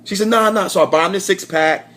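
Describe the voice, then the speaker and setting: A man's voice: a little high, fairly even intonation, fast, fairly bright tone. A man telling a rambling, profane story straight to camera in a casual vlog, often correcting himself as he goes. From Florida. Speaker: vlogger.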